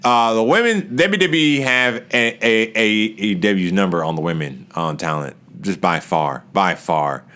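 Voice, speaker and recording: Lively, animated man recapping wrestling. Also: fairly low pitch, unhurried, hardly any pauses. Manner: animated, laughs often, acts out wrestlers' lines in raised voices. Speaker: wrestling show reviewer. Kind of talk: casual recap commentary.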